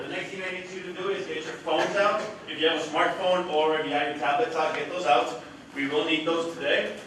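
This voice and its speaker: A man's voice: a little high, noisy background. A man giving a live product demonstration to a committee in a large meeting room, projecting his voice without a microphone and often checking that the audience is following. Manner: projecting loudly without a mic, quizzing the audience. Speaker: education technology presenter. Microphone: no mic, room recording from afar. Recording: very echoey room audio from far off.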